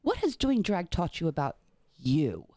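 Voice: medium pitch, wildly swooping pitch, measured pace, dark tone, dry recording, studio quality. An interviewer asking playful, friendly questions in a casual chat.

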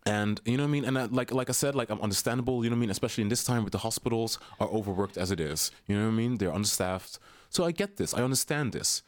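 A man with a fairly low voice, telling a story as a podcast guest. He talks casually and animatedly, tosses in "you know what I mean" every few lines, and turns blunt and profane when he gets heated. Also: expressive, very fast.

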